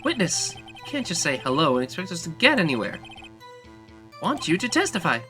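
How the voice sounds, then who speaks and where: A man's voice: on the high side, sing-song, a little fast, bright, forceful tone. A man voicing an earnest young defense lawyer, speaking in an insistent way. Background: game music.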